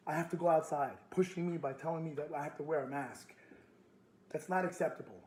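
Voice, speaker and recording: A man's voice: a little high, brisk, a little mellow, reverberant. A man on a phone call with a store, complaining as a customer, aggressive, repeating his demands and swearing a lot. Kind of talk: heated phone argument.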